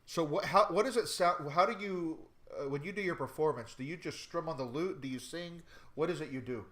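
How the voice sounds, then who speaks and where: A man's voice: fairly high pitch, brisk, a bit bright. A man running a tabletop game as game master, asking players questions and often restarting his phrases. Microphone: home mic on a live stream.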